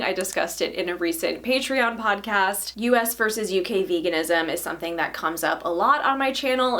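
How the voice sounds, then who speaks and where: A woman hosting a vegan vlog, talking in an animated, sarcastic way and laughing often. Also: mid-range voice. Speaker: vegan YouTube host. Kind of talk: casual vlog commentary.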